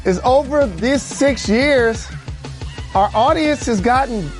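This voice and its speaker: A man with a high voice co-hosts a sports podcast from a remote studio. He is dry, blunt and matter-of-fact, and a faint music bed runs beneath him. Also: lively intonation, slow. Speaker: podcast co-host, former basketball player. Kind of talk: bantering sports talk.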